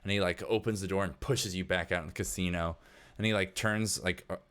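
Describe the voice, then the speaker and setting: A man narrating as game master in a tabletop game, talking casually with many fillers. His voice is deep and low. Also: fairly even intonation, brisk, a bit bright, clean tone.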